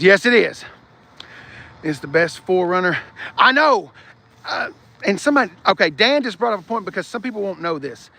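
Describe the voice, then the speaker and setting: Man, high bright voice, rambling livestream host, reads chat, gets loud when fired up. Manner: animated, rambling, swings to shouting when worked up. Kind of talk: casual car talk livestream.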